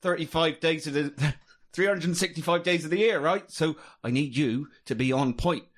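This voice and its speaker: A man's voice: a little high, normal speed, close to an everyday voice. A man playing a kind, professional festival steward from Somerset, firm and patient.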